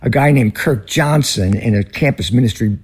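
A man's voice: mid-range voice, moderate pace, darkish tone, husky. A man in his seventies with a Northern US accent, a ministry leader telling stories earnestly as a guest in an interview. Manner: earnest, storytelling. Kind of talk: conversational interview.

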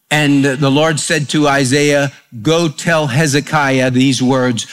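A man's voice: a little high, a little slow, fairly bright tone. A man preaching a sermon in a folksy storytelling way, acting out the voices in his examples. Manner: folksy storytelling, acts out quotes. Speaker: pastor.

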